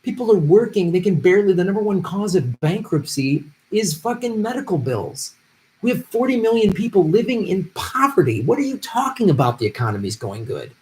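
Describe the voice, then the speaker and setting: High-voiced and brisk, this man hosts a livestream of political commentary where he reads donations from viewers and rants profanely. His pitch swings widely as he shifts from low muttering to outright shouting.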